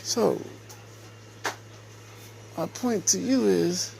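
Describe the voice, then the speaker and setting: A man giving a slow, repetitive, scolding casual rant to camera as a vlogger. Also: high voice, creaky, darkish tone, slight background noise.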